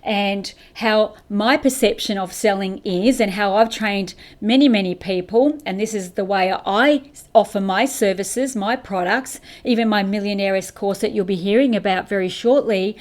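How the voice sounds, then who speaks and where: A woman in middle age delivers a motivational podcast monologue. She fires off rhetorical questions in an emphatic coaching manner. Her pitch sits in a middling register as she talks straight to the listener. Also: normal speed, a little mellow. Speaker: podcast host and business coach. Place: indoors, facing camera.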